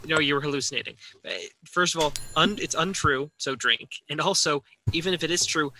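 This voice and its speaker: A man's voice: a little high, a little fast, bright, forceful tone, poor audio. A man on a livestream panel in casual chat, sarcastic and joking through rambling explanations.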